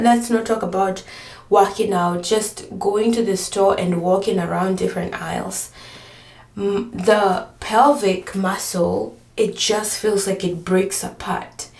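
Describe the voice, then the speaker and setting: A woman's voice: mid-range voice, vocal fry, darkish tone, echoey room, distant mic. A pregnant woman vlogger chatting casually, rambling with lots of fillers and often short of breath. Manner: rambling, filler-heavy storytelling. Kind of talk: casual chat.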